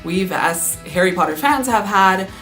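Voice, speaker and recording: A woman's voice: medium pitch, expressive, a little slow, fairly bright tone, faint music behind. A young woman with a Cuban accent, hosting a casual book review vlog and chatting eagerly to her viewers. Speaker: book reviewer, channel host.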